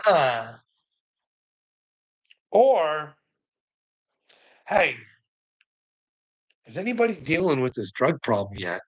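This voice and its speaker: Man, ranting vlog monologue, gravelly, bright voice, lively mocking pitch, frequent laughs. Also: very slow, pauses often, poor audio. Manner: laughs often, mocking, profane, animated. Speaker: vlogger.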